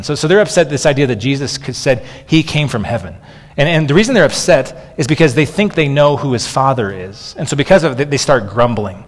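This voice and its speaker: A pastor in his thirties preaches to his congregation in a loose, conversational way, stumbling over words and leaning on "okay." His voice sits at an ordinary middle pitch. It rings out with a long reverb tail, as in a large hall. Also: expressive, fairly quick. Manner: conversational, frequent "okay" and restarts. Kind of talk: sermon.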